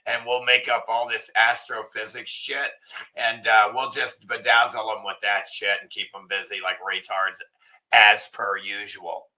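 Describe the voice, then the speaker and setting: A man hosting an online commentary show, ranting in a crude, profane way and sometimes shouting. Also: on the low side, flat delivery, moderate pace, poor audio. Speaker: channel host. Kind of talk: casual commentary rant.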